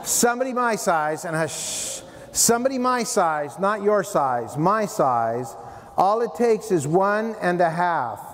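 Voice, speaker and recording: Animated man speaking to students in a hall. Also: high voice. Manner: animated, playful, addresses students directly. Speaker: youth prevention speaker. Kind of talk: school assembly talk. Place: middle school hall, indoors. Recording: long hall reverb, faint room noise.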